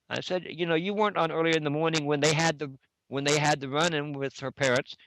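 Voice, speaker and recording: A man's voice: a little high, steady tone, fast talker, a bit bright, no room sound, poor audio. A middle-aged man casually retelling an online chat argument, reading back messages and repeating "I said" over and over. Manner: repetitive, reads back messages with constant "I said". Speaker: online game player recounting a dispute.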